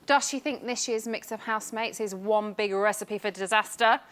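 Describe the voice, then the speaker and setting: A woman's voice: medium pitch, moderate pace. A British woman hosting a TV chat show, playful and teasing, laughing often between lines. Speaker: host. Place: TV studio with live audience. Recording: loud audience noise.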